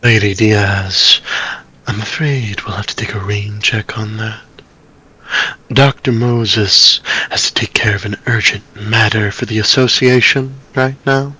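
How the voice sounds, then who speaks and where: A polished, scheming man speaks slowly and with a sharp edge, played by a man in a fan reading. His voice is breathy and often drops into a near whisper. Every word comes out measured and controlled. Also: fairly low pitch, steady tone, full character voice, poor audio. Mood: smug. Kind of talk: amateur story reading with roles.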